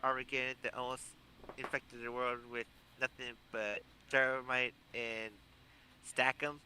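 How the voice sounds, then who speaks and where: A man co-hosting a casual podcast chat, rambling and excitable, swearing casually. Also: mid-range voice, a little slow, crowd noise. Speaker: podcast co-host.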